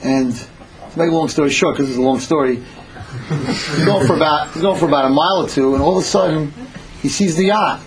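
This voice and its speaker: A man telling a parable in an animated sermon style, repeating phrases as he goes. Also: on the high side, fairly quick, a crowd in the background, rough recording. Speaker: storyteller. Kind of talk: storytelling sermon.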